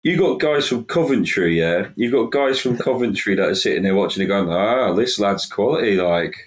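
A man's voice: lowish voice, lively intonation, a little fast. A man co-hosting a casual football podcast, talking emphatically and repeating words as he builds steam. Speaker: podcast co-host.

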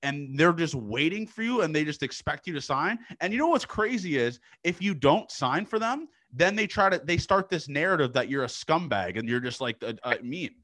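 A man hosting a casual podcast, asking rambling questions full of fillers with lively energy. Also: fairly high pitch, normal speed, few pauses. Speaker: podcast host.

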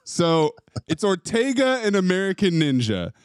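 A man co-hosting a comedy podcast, chatting casually with a rambling flow. His voice sits high and bounces through a wide range. The recording is dry and close. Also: big pitch swings, moderate pace, no room sound. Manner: rambling, drops into a gruff tough-guy impression. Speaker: podcast co-host.

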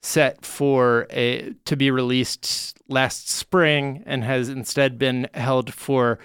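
Man, podcast co-host, casual rambling chat, smooth voice, dry close recording. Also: mid-range voice, little pitch movement, takes it slowly, a bit bright, no echo. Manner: rambling, lots of filler "uh"s.

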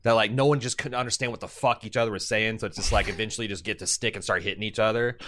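Low-voiced, rambling podcast co-host man. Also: steady tone, very fast, fairly bright tone. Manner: rambling, profane, joking. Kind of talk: casual podcast chat.

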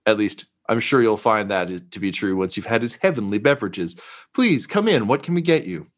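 An overeager shop attendant woman, put on by a man, gushing at a customer in a salesy tone. The voice stays fairly low. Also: lively intonation, fairly quick, natural voice. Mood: effusive. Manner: effusive, salesy.

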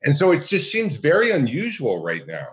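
A man's voice: fairly high pitch, wildly swooping pitch, moderate pace, a bit bright. A man hosting an interview, asking questions in a conversational way and sharing personal anecdotes. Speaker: interview host.

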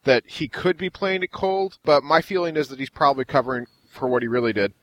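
Male panelist, middle-pitched voice, thoughtful, reasons things out. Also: expressive, brisk, fairly bright tone. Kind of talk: casual chat about a TV show.

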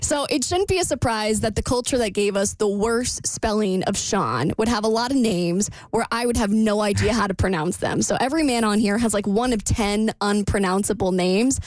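A woman's voice: medium pitch, normal speed, hardly any pauses, darkish tone, no room sound. An American woman hosting a podcast, chatting sarcastically with her co-hosts. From United States. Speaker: podcast host. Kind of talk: casual chat.

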